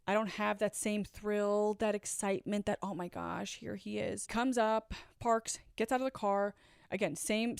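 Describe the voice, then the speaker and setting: A woman in her forties telling her own story earnestly, swinging from loud urgency to hushed asides. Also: fairly low pitch, clean tone, dry recording, studio quality. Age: 40s. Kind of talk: confessional storytelling.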